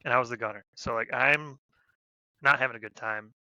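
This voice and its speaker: Brief: bright-voiced male vet co-host, animated and profane storyteller, dry and slightly lo-fi. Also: mid-range voice, brisk, dry recording. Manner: rambling, profane, animated retelling with loud quoted shouts. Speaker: podcast co-host, army veteran. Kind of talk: casual storytelling chat.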